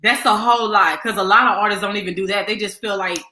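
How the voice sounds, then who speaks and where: A woman's voice: mid-range voice, steady tone, fast, sharp tone, roomy sound, rough recording. A woman interview host with a Houston Southern accent, chatty and encouraging with her guest. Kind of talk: casual interview chat.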